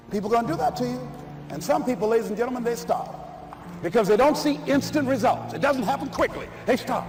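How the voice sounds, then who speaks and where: A man's voice: very high voice, expressive, a little fast. A man giving an emphatic motivational speech, addressing the audience directly. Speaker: motivational speaker. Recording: roomy echo with music under it.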